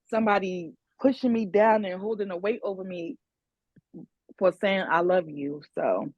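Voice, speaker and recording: A woman's voice: mid-range voice, normal speed, no echo, dull audio. A woman in a casual podcast discussion, talking candidly and a little hesitantly about her own relationships. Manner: candid, hesitant, quotes conversations.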